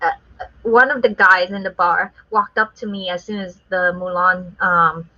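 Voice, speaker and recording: Bright, giggly woman on a muffled line. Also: on the low side, fairly even intonation, unhurried. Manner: giggly, laughs often through the story. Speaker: guest artist. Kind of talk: casual storytelling chat. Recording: muffled lo-fi sound.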